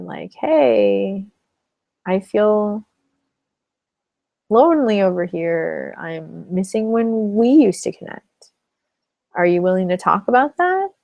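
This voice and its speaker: Gravelly-voiced woman coaching couples. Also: mid-range voice, no echo. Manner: calm and explanatory, acting out example phrases. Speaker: relationship coach. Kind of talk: teaching in a webinar.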